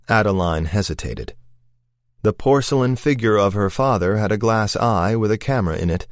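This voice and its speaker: A man reading a suspense novel aloud in a measured, tense manner. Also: fairly low pitch, animated, dry recording, clean studio sound. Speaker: narrator. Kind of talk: audiobook thriller narration.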